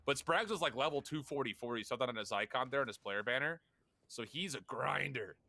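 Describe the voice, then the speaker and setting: Bright, laid-back game caster. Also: male voice, medium pitch, lively intonation, a little fast, no room sound. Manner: laid-back, chatty, laughs often. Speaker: esports commentator. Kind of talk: casual game commentary and banter.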